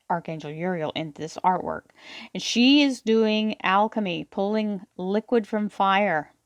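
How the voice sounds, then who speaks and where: A woman's voice: mid-range voice, dry recording, studio quality. Woman giving an encouraging tarot reading. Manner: encouraging, reassuring, calls listeners "my darlings". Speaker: tarot reader. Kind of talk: tarot card reading forecast.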